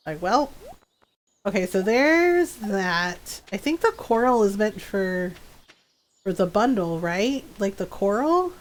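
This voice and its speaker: A woman streaming a farming game, chatting casually and playfully with frequent giggles. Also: on the high side. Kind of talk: casual gameplay commentary.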